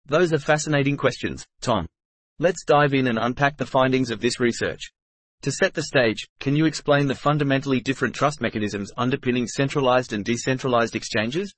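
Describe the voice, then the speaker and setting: A man's voice: mid-range voice, brisk, no room sound. Male podcast co-host, mid-range voice, dry and close, upbeat scripted read. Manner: upbeat, polished scripted delivery.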